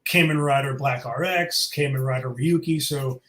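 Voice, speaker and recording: A man's voice: mid-range voice, moderate pace, a bit bright, roomy sound, low-quality recording. A man casually chatting as an event organizer, enthusiastic and rambling with fillers, his throat a little sore. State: sore throat, sucking a cough drop. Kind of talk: casual interview chat.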